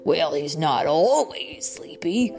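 A woman voicing a calm, wise father rabbit explaining gently in a bedtime storybook reading. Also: sits low, slow, creaky, soft background music, pitched below the performer's own voice, heavily acted. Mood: gentle.

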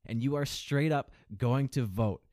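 A man's voice: unhurried, a little mellow, no echo, clean studio sound. A man hosting a podcast, delivering a sneering, profane political rant and mocking his opponents. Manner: mimics opponents in a higher mocking voice. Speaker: podcast host. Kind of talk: political commentary monologue.

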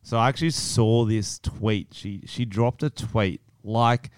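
A man's voice: fairly low pitch, measured pace, smooth, dry recording. A young man co-hosting a comedy podcast, sarcastic and swearing as he reads out news stories. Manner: sarcastic, swearing, laughs often. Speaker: podcast co-host. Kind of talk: casual comedy podcast chat.

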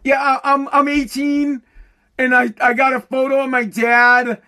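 A man's voice: very high voice, level tone, a little slow, sharp tone, heavily acted. A man voicing an eighteen-year-old boy who calls the authorities on his father, rambling and stammering in slang.

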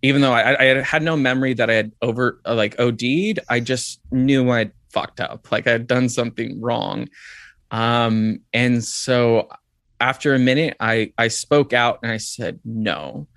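Man calmly recounting a personal experience. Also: mid-range voice, unhurried, no room sound. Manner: reflective, lots of "like" and "um". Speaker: guest. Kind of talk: telling a personal story.

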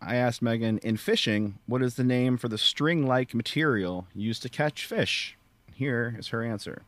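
A man's voice: mid-range voice, moderate pace, a little hiss or hum. A man guesting on a casual podcast, steadily reading out quiz questions. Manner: steady, reads questions aloud. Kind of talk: casual chat.

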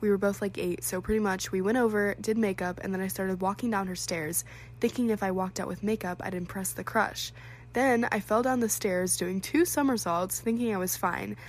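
A woman's voice: medium pitch, steady tone, normal speed, slight background noise. Chatty young woman vlogger, lots of "like". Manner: chatty, filler-heavy with frequent "like", giggly. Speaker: vlogger reading viewers' stories. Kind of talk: casual chat.

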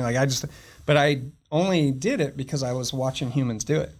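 A surfer and filmmaker appears as a podcast guest in a casual conversation, rambling loosely and searching for words amid many fillers and restarts. His medium-pitched voice is fairly even in intonation and fairly quick.

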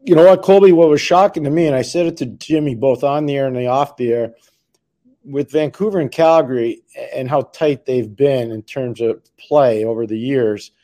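A man's voice: mid-range voice, moderate pace, warm tone. A man co-hosting a podcast, talking emphatically and repeating words for stress. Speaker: podcast co-host. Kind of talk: casual podcast chat.

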